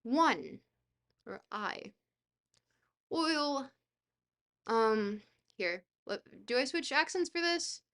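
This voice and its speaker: A woman with a fairly high voice reads a dense book aloud on a live stream. She keeps breaking off to chat, hesitating with fillers and laughing at herself. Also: sing-song, extremely slow, long pauses, fairly bright tone. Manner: laughs easily, self-deprecating.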